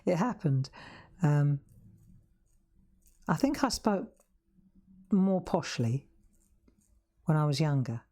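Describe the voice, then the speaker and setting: Woman, Southern English accent, middle-aged, somewhat low voice, live craft host, chatty, self-mocking. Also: animated, takes it slowly, pauses often, dark tone. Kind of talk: live craft demonstration chat. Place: craft room.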